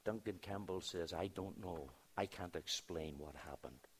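Male pastor, sermon delivery, unhurried and low-pitched, storyteller who hushes and swells. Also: breathy edge. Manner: storytelling, dropping to hushed tones then rising for emphasis.

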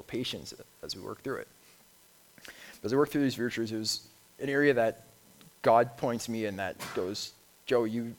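A man, a lay speaker and youth leader, gives a conversational sermon. He reads scripture slowly, then talks informally with frequent restarts and ums. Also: fairly low pitch.

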